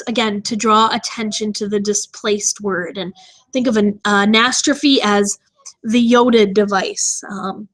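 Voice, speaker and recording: A woman teacher giving a recorded vocabulary lesson, explaining terms with frequent pauses and restarts. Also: fairly high pitch. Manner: explanatory, with many fillers and restarts.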